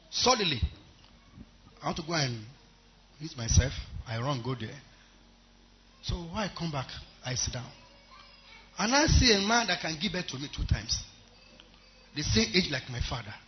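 A man with a Nigerian accent preaches a testimony, with a voice that sits on the high side of normal. He tells his story with force, dropping to quiet asides and climbing to loud exclamations. The recording is dull and lo-fi, with a faint hum of ambience behind him. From Yoruba area of Nigeria. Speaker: pastor. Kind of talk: sermon testimony.

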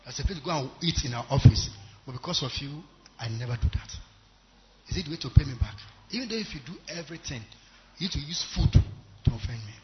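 A man with a Nigerian English accent acting out a hurt husband quietly pleading with his wife, within a sermon. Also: a little high, animated, fairly quick, heavy background noise, natural voice. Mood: aggrieved. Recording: muffled recording.

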